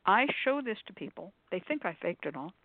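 A woman's voice: on the low side, fairly quick, no echo. A woman who runs a shop, chatting animatedly and acting out what people say as she demonstrates. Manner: chatty, animated storyteller, acts out quotes. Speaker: shop owner and pendulum teacher. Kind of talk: casual conversation, demonstrating. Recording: phone-like dry audio.

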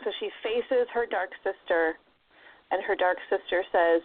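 A woman's voice: mid-range voice, measured pace. A woman casually retelling an old myth, slipping into playful voices for the characters. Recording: tinny phone-line audio.

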